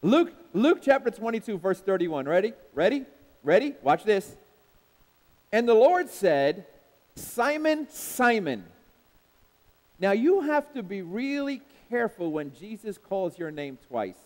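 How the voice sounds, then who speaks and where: This pastor's voice sits high and is a little mellow, very animated yet measured in pace. Preaching in a church sanctuary, he hammers repeated refrains and calls for responses from the congregation, all under a long church hall reverb.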